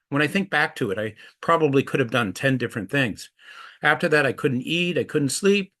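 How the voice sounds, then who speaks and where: A middle-aged activist against trafficking presents his stories earnestly, giving each quoted person in his anecdotes their own voice. His voice is medium in pitch and a bit bright.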